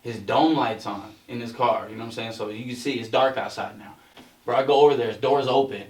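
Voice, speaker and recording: A man on a podcast telling a story in a casual, animated, profane way, saying "bro" constantly. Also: mid-range voice, a little fast. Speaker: podcast co-host. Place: podcast studio. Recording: roomy sound from a distant mic.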